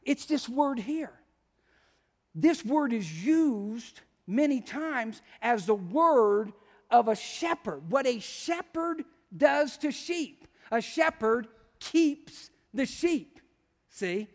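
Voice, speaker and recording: A man's voice: extremely high pitch, expressive, takes it slowly, long reverb tail. A man preaching a sermon as pastor, talking conversationally and often asking the congregation questions. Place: church sanctuary.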